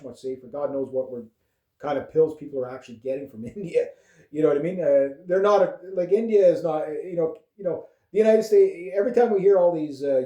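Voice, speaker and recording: Canadian male vlogger, mellow voice sitting a touch high, rambles and swears, roomy echo. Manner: rambling, profane, with frequent fillers and chuckles. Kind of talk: casual political rant. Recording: echoey room.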